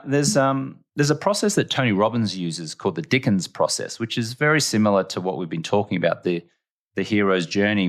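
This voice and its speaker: A man from Australia with an Australian accent, a podcast guest telling personal stories in an earnest, emphatic way and repeating phrases for effect. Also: low voice. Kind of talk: reflective storytelling in conversation.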